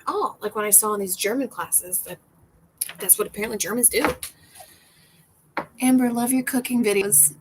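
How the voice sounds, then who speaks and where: A woman with a mid-range voice chats loosely with her viewers over a drink, rambling from one thought to the next and laughing often. She talks from her porch, with faint ambient noise in the background. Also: mid-range voice. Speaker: livestream host reading viewer comments. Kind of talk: casual chat over a cocktail.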